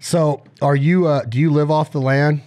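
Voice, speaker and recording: A man's voice: fairly high pitch, fairly even intonation, normal speed, a little mellow, dry recording. A man hosting a casual interview, joking and rambling through long strings of questions. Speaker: podcast host.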